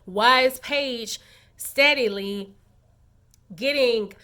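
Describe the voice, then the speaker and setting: Sassy woman vlogger dishing on a reality show, high bright voice. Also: extremely slow. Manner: sassy, animated commentary. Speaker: recap vlogger. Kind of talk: casual reality-show recap.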